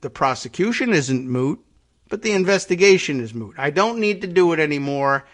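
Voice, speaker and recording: Wry man reading news, slightly high voice. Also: animated, moderate pace. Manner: wry, sarcastic asides between read passages. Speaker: podcast host. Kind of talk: reading news aloud with commentary.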